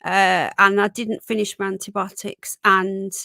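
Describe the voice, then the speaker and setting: A woman hosting a live stream whose voice is going croaky, chatting casually and rambling with fillers and restarts. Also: medium pitch, flat delivery, unhurried, pushed and bright, dry recording, clean studio sound.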